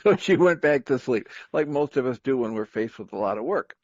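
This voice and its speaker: Man spinning a parable on a radio call, loose and filler-heavy, medium pitch, dull dry lo-fi sound. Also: lively intonation, a little fast, dry recording. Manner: rambling, filler-heavy, chuckles often. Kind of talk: casual storytelling on talk radio.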